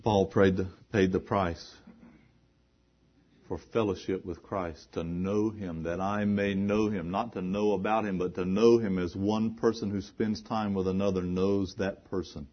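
A man's voice: low voice, steady tone, a little slow. A male preacher delivering an emphatic sermon, repeating phrases and posing rhetorical questions. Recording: dull lo-fi recording.

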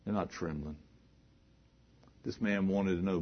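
Man preaching a sermon, low husky voice, hushed then booming, rhetorical questions, muffled lo-fi recording. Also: steady tone, a little slow. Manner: swings between hushed earnest talk and loud emphatic preaching.

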